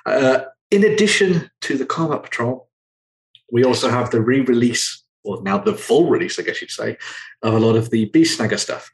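A man's voice: mid-range voice, expressive, moderate pace, low-quality recording. A man hosting a casual chat, rambling with lots of ums and uhs as he runs through news. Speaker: host.

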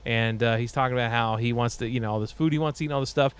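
A young adult man recapping a movie in a rambling, comedic way, full of fillers and quick character voices. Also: mid-range voice, steady tone, clean tone. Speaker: podcast host recapping a movie.

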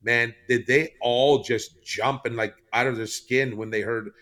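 A man's voice: medium pitch, fairly even intonation, a little slow, sharp tone. A man from Canada, a podcast guest, telling a long story in casual chat with lots of fillers and restarts. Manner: rambling storytelling with many fillers.

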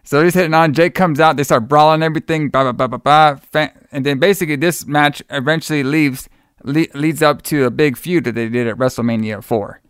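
A man hosts a casual talk show, rambling through a story with easy enthusiasm. His voice is smooth and clear, recorded dry and close. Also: a little high, brisk, fairly bright tone, no echo. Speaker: podcast host. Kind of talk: casual chat.

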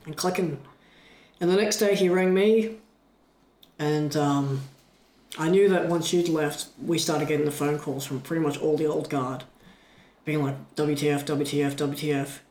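A man retelling a story in a casual chat, animated and full of restarts. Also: on the high side, normal speed. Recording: echoey room.

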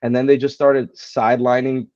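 A man's voice: mid-range voice, level tone, normal speed, a little mellow, no echo. Wry man on a slightly dull mic. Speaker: podcast co-host. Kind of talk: casual chat.

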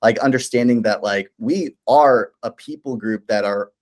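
A man's voice: medium pitch, moderate pace, a little mellow. A man who is a pastor, speaking earnestly and encouragingly in a casual faith conversation, with many fillers and restarts.

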